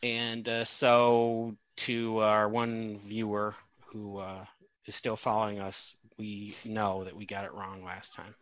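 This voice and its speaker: A man's voice: on the low side, flat delivery, slow, fairly bright tone, no echo, rough recording. A man hosting a podcast, chatting casually over a video call and often correcting himself as he talks. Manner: rambling, self-correcting. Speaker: podcast host. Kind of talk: casual chat.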